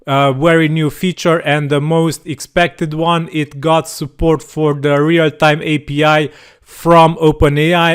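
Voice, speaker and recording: Man, tutorial host, smooth clear voice, slightly high, step-by-step explaining with ums and uhs. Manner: explains step by step with frequent fillers. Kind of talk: software tutorial walkthrough.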